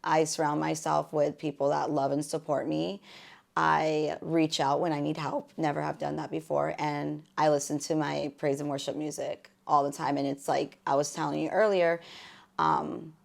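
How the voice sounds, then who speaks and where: Woman, podcast guest, low voice, flat delivery, emotional testimony. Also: normal speed, gravelly. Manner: soft-spoken, emotional, many "like" fillers. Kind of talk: personal testimony.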